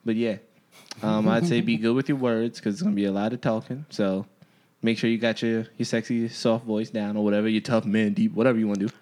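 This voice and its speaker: A man co-hosting a casual podcast chat, laid-back, giving advice in a lowered voice. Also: steady tone, a little fast, a little mellow. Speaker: podcast co-host.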